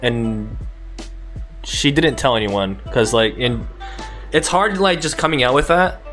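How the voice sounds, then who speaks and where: A man co-hosting a relaxed podcast conversation from Japan. He laughs easily and often stops to restart his thoughts. Faint music plays underneath. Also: mid-range voice, measured pace. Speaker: podcast host. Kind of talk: casual chat. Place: lives in Japan.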